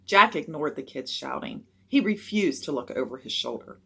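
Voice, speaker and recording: Expressive husky woman reading aloud. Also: deep voice, normal speed. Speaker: storyteller reading a children's book. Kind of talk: read-aloud narration.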